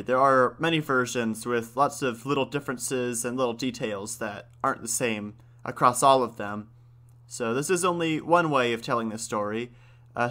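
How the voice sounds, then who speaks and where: A man's voice: medium pitch, bright, forceful tone. A young man hosting a podcast, reading a folk tale and then chatting about it with joking, self-correcting asides. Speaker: podcast host.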